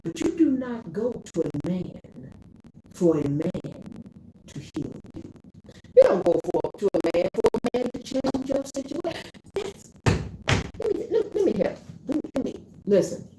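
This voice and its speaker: A woman preaching a sermon as a self-styled prophetess, impassioned, blunt and profane, building up to cries and shouts. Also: on the high side, big pitch swings, a little slow. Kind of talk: fiery sermon. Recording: roomy echo with faint background noise.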